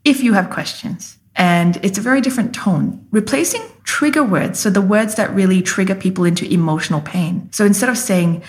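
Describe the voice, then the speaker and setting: A woman's voice: mid-range voice, expressive, moderate pace. A woman leadership coach speaking as an interview guest, explaining emphatically and acting out example phrases.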